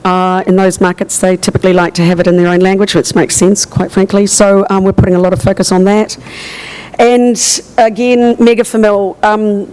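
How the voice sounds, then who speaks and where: Woman with a croaky lost voice doing a chatty conference talk, lots of ums, pretty monotone. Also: medium pitch, normal speed, low-quality recording. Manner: chatty, many fillers. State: hoarse, voice partly lost. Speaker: tourism regional manager presenting. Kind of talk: conference presentation.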